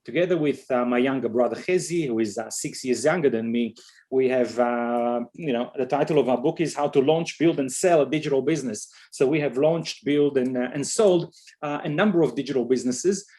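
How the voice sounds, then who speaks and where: Israeli guy in his 50s, strong accent, lots of uh's while he explains stuff, average pitch. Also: a little fast, darkish tone. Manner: fluent but hesitant, many "uh" fillers. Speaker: entrepreneur guest. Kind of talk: podcast interview.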